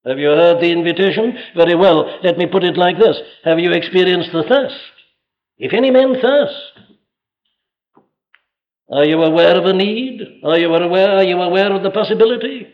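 A man's voice: high voice, fairly quick, few pauses, muffled recording. A man preaching a fervent sermon from a pulpit, rising often into strong exhortation. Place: church pulpit.

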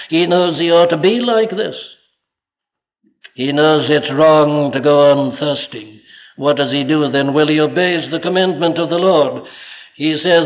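High-voiced male preacher, fervent and exhorting, on a dull lo-fi sermon recording. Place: church pulpit.

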